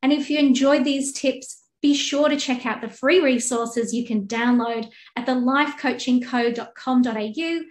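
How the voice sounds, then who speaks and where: A woman, a life coach, giving a calm, measured, encouraging coaching talk. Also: high-pitched. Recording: echoey room.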